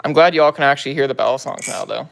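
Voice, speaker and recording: Gravelly young man chatting on stream. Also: mid-range voice, slight background noise. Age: young adult. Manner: laid-back slangy talk, quick greetings to viewers. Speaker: livestream host. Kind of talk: casual livestream chat, reading viewer comments. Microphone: phone.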